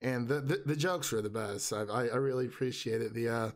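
Laughing, halting male podcast co-host. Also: medium pitch. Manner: laughs often, halting with many restarts. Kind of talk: casual movie review chat.

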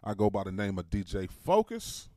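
A man's voice: on the low side, normal speed. A man hosting a faith-focused hip hop radio show, chatting casually and laughing often with his co-host. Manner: laughs often, relaxed banter.

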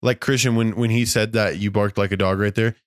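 Young guy, podcast co-host, lowish voice, dry close sound, easygoing slang. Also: steady tone, a little fast, no room sound. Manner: laid-back, slangy. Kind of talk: casual chat.

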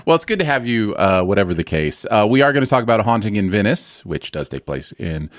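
Lively male podcast host, playful and keen, dry close-miked sound. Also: on the low side, quick pace, no echo. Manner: enthusiastic, playful. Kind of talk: casual movie review chat.

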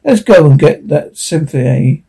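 A man's voice: on the high side, animated, a little slow, gravelly, mellow, breathy edge, exaggerated voice. A man voicing a stubborn human planter on a frontier world, talking in a curt, commanding way. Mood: stern.

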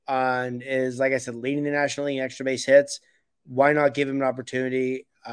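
A man co-hosting a sports podcast talks in a loose, opinionated way, often restarting his sentences. His voice is mid-pitched and sounds dry and close, with no room around it. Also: smooth, dry recording. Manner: opinionated, blunt, rambling with restarts. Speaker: podcast co-host. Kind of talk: casual sports chat.

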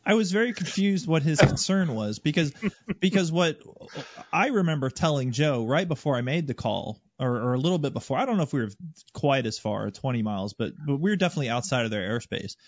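A man's voice: fairly high pitch, animated, brisk, no echo. A man and former pilot recounting a flight in a casual group interview, explaining carefully with stammered restarts. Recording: dry, dull lo-fi audio.

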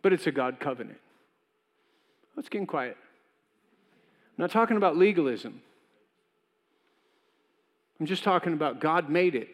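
Animated and fairly high-pitched, the male pastor speaks at normal speed with long pauses while a long reverb tail fills the church. He preaches conversationally, acting out short lines as God and Cain.

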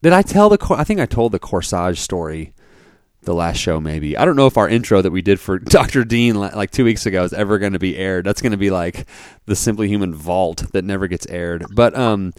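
Low-voiced rambling podcast co-host. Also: male voice, expressive, brisk, clean tone, no echo, studio quality. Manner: rambling, lots of fillers and restarts. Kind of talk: casual chat.

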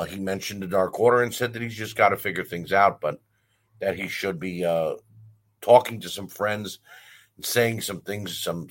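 A man's voice: deep voice, fairly bright tone. A man hosting a wrestling talk show, delivering a blunt, heated opinion rant with frequent fillers and restarts. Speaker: wrestling podcast host.

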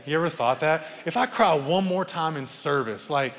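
Preacher in an echoing church hall. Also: male voice, on the high side, normal speed. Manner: animated preaching, rising loud then dropping soft, joking asides. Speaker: pastor. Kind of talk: sermon. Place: church sanctuary. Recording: long reverb of a church hall.

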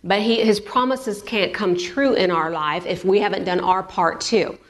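A woman's voice: medium pitch, moderate pace. A woman pastor preaching a sermon in a chatty way, repeating words for emphasis. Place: church.

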